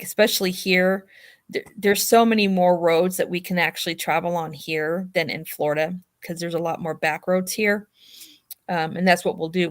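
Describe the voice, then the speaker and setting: A woman's voice: on the low side, no room sound. Gushing woman guest, dry close sound. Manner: warm, gushing and supportive. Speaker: guest on a live stream. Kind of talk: casual chat.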